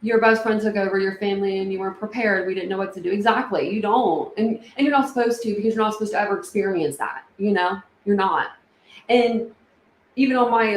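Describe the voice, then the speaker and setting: A woman hosting a casual livestream, chatting and reading viewer comments with lots of fillers and open feeling. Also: medium pitch. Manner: chatty, emotional, many fillers. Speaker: livestream host. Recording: echoey room with faint ambient noise.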